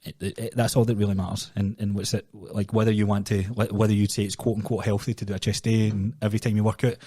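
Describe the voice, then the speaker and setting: A Scottish man and personal trainer co-hosting a casual podcast, telling sweary, animated stories with quick restarts. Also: lowish voice, breathy edge, no room sound, clean studio sound.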